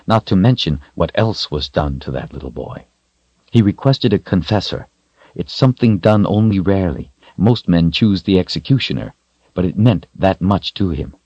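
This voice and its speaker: Male narrator, deep and steady, dry slightly dull recording. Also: breathy edge, no echo. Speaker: audiobook narrator. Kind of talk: scripted narration.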